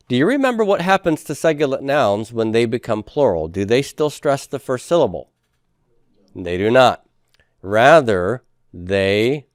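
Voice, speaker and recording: Man lecturing a class, smooth dry voice. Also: medium pitch, no echo. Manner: asks questions and answers them himself, drills students. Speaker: professor.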